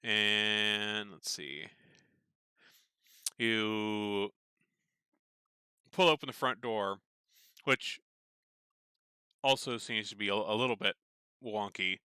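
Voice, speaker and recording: A male game master narrates a tabletop game in a meandering, loose way. His voice is low-set but bright and forceful. It sounds crisp and is recorded very dry and close. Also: slow pace, pauses often, dry recording. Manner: meandering, many fillers and restarts.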